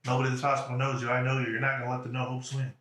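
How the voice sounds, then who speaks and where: A man voicing a loud, insistent middle-aged football coach in a retold hospital story. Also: medium pitch, monotone, rapid-fire, reverberant, close to an everyday voice. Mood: brisk reassuring. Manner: yelling, insistent.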